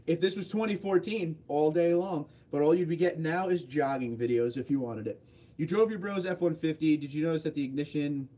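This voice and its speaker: A man hosts a relaxed livestream, reading out viewer comments and tossing back quick, offhand answers. His voice sits a touch high for a man, with a warm, mellow tone. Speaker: livestream host. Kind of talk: casual livestream chat.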